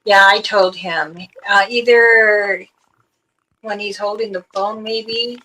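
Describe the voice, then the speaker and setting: A woman's voice: medium pitch, fairly even intonation, slow pace, bright, forceful tone, a little hiss or hum, rough recording. A woman hosting a livestream in casual chat, sorting out audio trouble with her guests. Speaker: livestream host.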